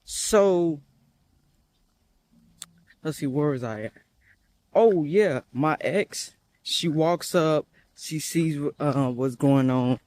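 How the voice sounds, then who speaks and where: Young male vlogger, animated and chatty, high voice, recorded while walking outdoors. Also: very slow, long pauses. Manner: animated, chatty, jumpy and nervous. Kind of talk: casual story-time vlog.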